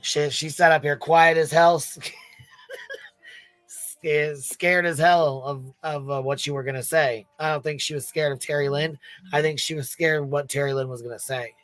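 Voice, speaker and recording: A man's voice: a little high, little pitch movement, moderate pace, fairly bright tone, no room sound, faint music behind. A man chatting casually as a guest on a livestream panel, who swears freely and laughs often. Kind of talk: casual chat.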